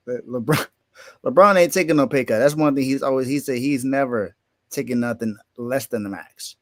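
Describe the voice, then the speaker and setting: A man arguing a point on a casual sports podcast, insistent and incredulous. He repeats himself often, in a mid-pitched voice. The recording is dry. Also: normal speed, no echo.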